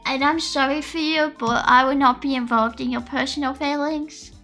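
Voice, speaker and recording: A young woman chats with her stream audience in a high, bright, sharp voice. She rambles and spirals into theatrical, exaggerated complaints. Faint lofi music plays quietly underneath. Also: steady tone, moderate pace. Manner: rambling, melodramatic ranting to chat. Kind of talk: casual livestream chat.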